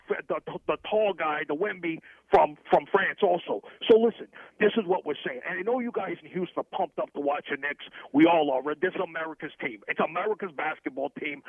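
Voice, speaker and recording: A man's voice: gravelly, husky, no room sound, full character voice. A man playing a brash, shady middle-aged hustler with a North Jersey accent, rambling and boasting in a comedic sports radio bit. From New Jersey. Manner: boastful rambling pitchman, hard sell. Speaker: comic caller character. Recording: tinny, dry phone line.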